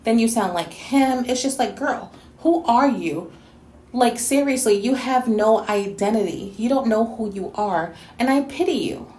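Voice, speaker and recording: A woman's voice: on the high side, animated, measured pace, darkish tone. Sassy, scolding woman in an echoey room. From New York City. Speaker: YouTube reactor and host. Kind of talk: response video rant.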